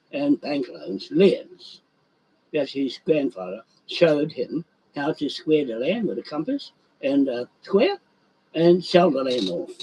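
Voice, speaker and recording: A man rambles through a loose monologue, his fairly high voice swinging widely up and down. He turns heated quickly and breaks off to talk to his animals, with a faint hiss of background noise behind him. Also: a little mellow, poor audio.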